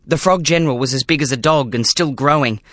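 An audiobook reader narrating a children's story in the first person with dramatic, expressive delivery. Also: mid-range voice, quick pace, no room sound, studio quality. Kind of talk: scripted narration.

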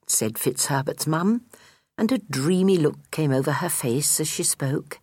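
A woman reading a children's storybook aloud in an expressive, measured way. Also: deep voice, breathy edge, dry recording, studio quality. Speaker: audiobook reader.

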